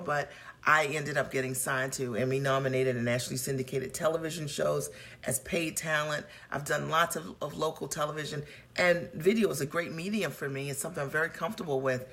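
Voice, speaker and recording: A woman business coach talks to her audience in a motivational live stream. Her voice is bright and forward, and her delivery is earnest and personal. She welcomes viewers by name as they arrive. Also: low voice.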